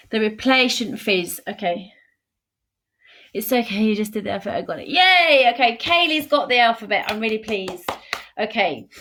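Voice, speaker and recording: A woman teaching a beginner sign language lesson in a live stream, encouraging and repeating key phrases slowly and firmly. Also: mid-range voice, fairly bright tone.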